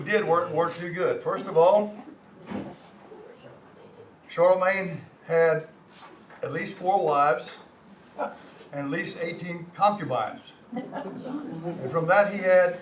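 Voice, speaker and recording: An older man with a Texan accent teaches a community language class. He lectures from slides in a halting, folksy way, often repeating words and joking with the class. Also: a little high. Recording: roomy, distant mic, faint hum.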